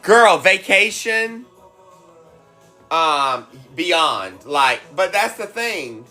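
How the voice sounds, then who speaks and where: Give me a slow, chatty mom who teases and laughs often on a home livestream. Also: female voice, fairly low pitch, sing-song, bright, forceful tone, faint music behind. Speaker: cooking livestream host and mom. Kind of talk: casual live-stream chat. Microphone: phone.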